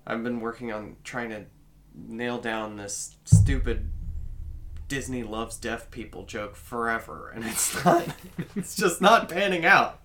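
A man's voice: medium pitch, slow pace, background noise. A man co-hosting a casual podcast chat as a comedian, joking around, swearing freely and laughing often.

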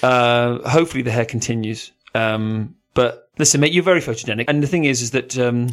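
A man's voice: mid-range voice, steady tone, brisk. A man hosting a podcast in casual chat, teasing his co-host and swearing freely.

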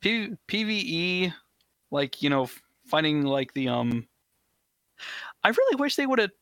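A man's voice: fairly high pitch, big pitch swings, unhurried, fairly bright tone, no room sound. A man from Texas calling in to a gaming chat, hesitant and apologetic, with many ums and restarts. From Texas, USA. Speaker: guest caller.

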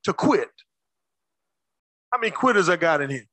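A male preacher delivers a sermon in a high, bright voice that swings between booming shouts and near-whispers. He calls out to the congregation, and the recording is close and dry. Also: animated, normal speed, no room sound.

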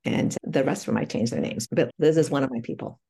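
A woman's voice: a bass voice, quick pace, gravelly, mellow, breathy edge. A woman who is an author, reading aloud from her memoir in an earnest, intimate way.

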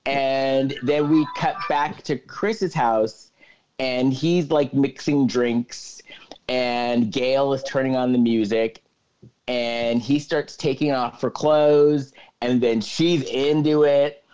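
A podcast co-host casually recaps a movie plot, animatedly acting out the characters' lines. His medium-pitched voice is clean and unhurried, though the audio sounds dull.

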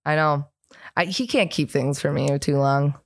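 A woman co-hosting a casual podcast chat, telling animated stories and laughing often. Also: sits low, moderate pace, no room sound, clean studio sound. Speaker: podcast co-host.

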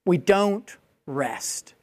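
A woman preaching a sermon in a conversational, animated way, with quick asides and playful acted-out quotes. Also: on the low side, no echo.

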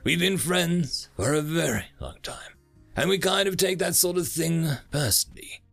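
A man voicing a big, grumbling young man who speaks with quiet menace. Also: a little high, lively intonation, normal speed, vocal fry, faint music behind, pitched above the performer's own voice, full character voice.

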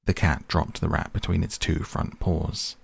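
A man reading a story aloud in a measured, steady narration with a gravelly, husky voice. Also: low-pitched, dry recording. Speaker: audiobook narrator. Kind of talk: scripted narration.

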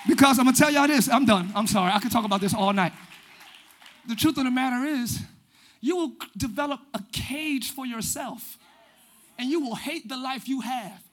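A male pastor preaching a sermon in church, animated and often shouting, acting out little quoted voices along the way. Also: very high-pitched, moderate pace. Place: church sanctuary.

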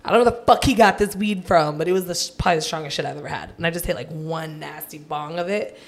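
A woman's voice: low voice, fast talker. A woman from California, casually telling a raunchy story with lots of swearing and laughter. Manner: loose storytelling, heavy swearing, laughs often. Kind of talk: casual chat.

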